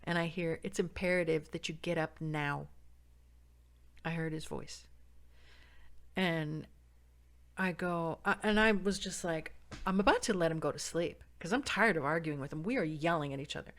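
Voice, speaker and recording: Guesting on a podcast, a woman from San Diego recounts something from her own life, voicing the people she quotes with dramatic leaps in pitch and loudness. She speaks at a normal speed and leaves long pauses.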